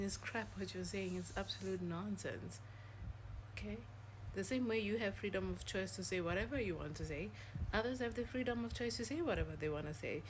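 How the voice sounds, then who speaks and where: Woman scolding someone, flat dismissive tone, bit of hiss in the background. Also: medium pitch, poor audio. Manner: dismissive, lecturing. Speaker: social media commenter. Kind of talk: scolding monologue.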